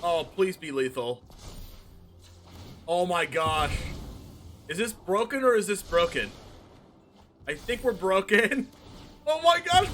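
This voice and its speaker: A man commentating his own card game live, excitable, laughing and shouting as the plays unfold. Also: sits high, unhurried, long pauses, soft background music. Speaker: streamer playing a card game.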